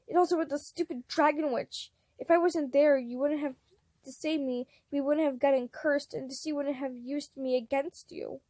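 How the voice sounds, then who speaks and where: An anxious, gentle young man with a soft, halting voice, as a woman acts him out. He sounds tender and unsure in a read-aloud storybook, recorded close and dry. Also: sits high, fairly even intonation, no room sound, natural voice. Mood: guilty.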